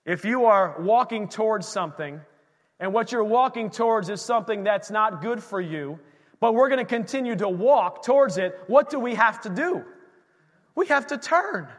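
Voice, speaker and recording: A male pastor preaching a lively sermon to his congregation, calling out to the church for responses. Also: high voice, normal speed, in a large hall. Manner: energetic, call-and-response preaching. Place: church sanctuary.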